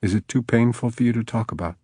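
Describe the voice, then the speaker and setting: A male audiobook narrator voicing a composed young woman who asks soft, measured questions. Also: mid-range voice, husky, dry recording, studio quality, voice pushed up, close to an everyday voice. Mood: probing.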